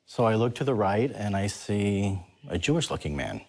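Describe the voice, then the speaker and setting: A man's voice: on the low side, big pitch swings, normal speed, creaky. A man who is a guest on a talk show, animatedly telling a personal story and laughing as he goes.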